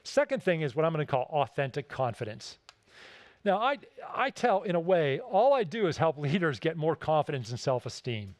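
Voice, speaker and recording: A man giving a keynote talk, telling stories in an animated, emphatic way and repeating his key points. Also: fairly high pitch, normal speed, no room sound, studio quality. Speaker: keynote speaker.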